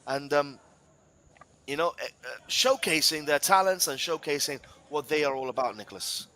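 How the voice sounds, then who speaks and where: A man's voice: fairly high pitch, normal speed, sharp tone, rough recording. A man from Gibraltar giving live football match commentary, chatty and talking straight to his co-commentator and the viewers.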